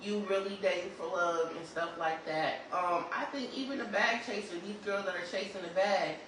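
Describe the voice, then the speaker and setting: Podcast cohost, thinks out loud with lots of ums, mid voice, far away in a noisy echoey room. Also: medium pitch. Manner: thoughtful, measured, hesitant fillers. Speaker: podcast co-host. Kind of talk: casual chat.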